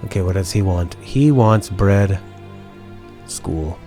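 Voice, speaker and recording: A man's voice: sits low, slow, dark tone, soft background music. A man in casual gaming chat with a friend, joking and playful. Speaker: gamer.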